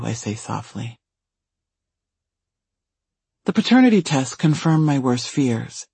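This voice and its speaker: Husky male audiobook narrator. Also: medium pitch, unhurried, long pauses, no echo. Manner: steady first-person reading.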